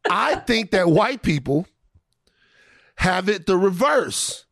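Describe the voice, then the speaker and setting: A man co-hosting a podcast, riffing in an animated, profane, comedic way. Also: high voice, slow pace, vocal fry, dry recording, studio quality. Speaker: podcast co-host. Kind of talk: casual comedic chat.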